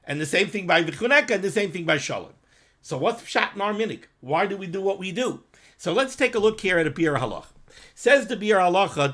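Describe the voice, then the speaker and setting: A man giving a daily Torah class, explaining texts in a conversational, animated way and reading Hebrew phrases aloud. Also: high voice, a little fast. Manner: animated, quotes texts in Hebrew and Yiddish-flavored pronunciation. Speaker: Torah teacher.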